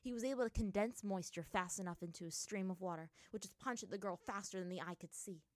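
A woman narrating a fantasy story aloud in a steady storytelling manner. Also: medium pitch, fast, dry recording, studio quality. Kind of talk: reading fan fiction aloud.

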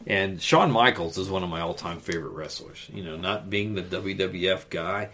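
A man's voice: sits low, moderate pace, sharp tone. A man co-hosting a casual talk show, enthusiastic, laughing often and trailing off into fillers. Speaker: podcast co-host. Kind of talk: casual chat about wrestling.

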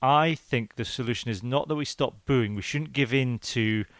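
A man hosting a podcast, talking in an animated, rambling, jokey way. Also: mid-range voice, moderate pace, no room sound. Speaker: podcast host. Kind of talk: casual chat.

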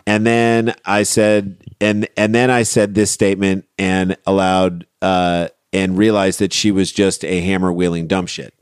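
Man, low-pitched, sarcastic podcast co-host, dry close sound. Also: flat delivery, a little slow, few pauses, clean tone, dry recording. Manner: sarcastic, riffs on the story, reads out quotes. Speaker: podcast co-host reading a news story. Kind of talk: casual comedic chat.

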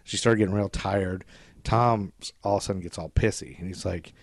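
A man's voice: sits low, steady tone, a little fast, dry recording, clean studio sound. A man hosting a podcast, retelling a story in rambling casual chat and acting out quotes with swearing. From Scottish descent, grew up in America. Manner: rambling, acts out quotes in shifting voices, swears freely. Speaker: podcast host.

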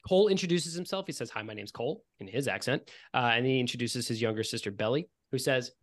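A man's voice: mid-range voice, fast talker. A man narrating a tabletop game as game master, in a casual, rambling way full of fillers.

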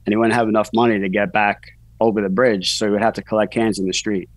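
Lowish-voiced man telling his story. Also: flat delivery, quick pace, no echo, rough recording. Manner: rambling, frequent "you know" fillers. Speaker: guest, author. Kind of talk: casual personal storytelling.

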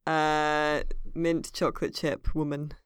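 A woman speaking slowly and hesitantly, pausing on ums and uhs in casual chat. Her voice is very smooth and clear, recorded dry and close. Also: low voice, little pitch movement, no echo.

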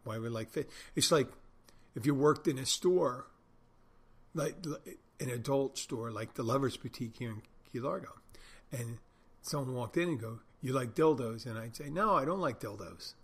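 A man's voice: medium pitch, normal speed, breathy edge. A middle-aged man hosting a podcast, telling rambling stories in a wry, self-correcting way. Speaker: podcast host, bartender. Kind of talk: casual monologue storytelling.

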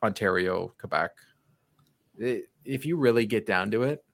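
A man's voice: on the low side, gravelly, no room sound. A man from Canada hosting a casual podcast chat, laughing often and restarting his sentences. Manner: laughing, animated, halting restarts.

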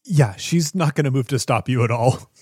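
A man narrating as game master of a tabletop game, in a quick, gentle manner. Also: mid-range voice, slightly rough, no echo, clean studio sound.

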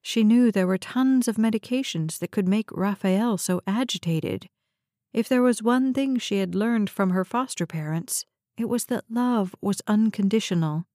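A woman narrating a novel in a steady, even storytelling read, close to the mic. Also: medium pitch, normal speed, no echo. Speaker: audiobook narrator. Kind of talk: scripted narration.

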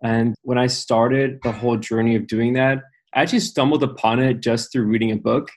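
A man's voice: medium pitch, steady tone, fairly quick, a little mellow. A young man with a slight, mixed international English accent, chatting upbeat and easy as an interview guest. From born in Amsterdam, raised abroad. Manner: upbeat, chatty, laughs easily. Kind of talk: casual interview chat.

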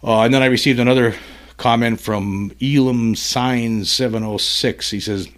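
A man's voice: medium pitch, fairly even intonation, normal speed. A man hosting a solo commentary podcast, talking in a rambling, heated way, full of restarts and fillers. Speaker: podcast host.

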